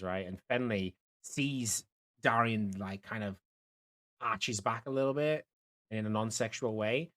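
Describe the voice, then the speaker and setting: A man's voice: fairly low pitch, a little slow, pushed and bright. A man narrating as game master for a tabletop game, talking loosely with lots of fillers and restarts. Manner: rambling, many fillers and restarts.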